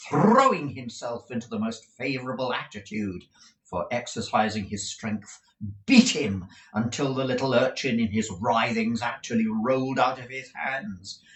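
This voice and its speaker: A man reading a classic novel aloud as an audiobook narrator, slow and expressive. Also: fairly low pitch, reverberant. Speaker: audiobook reader. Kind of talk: scripted narration.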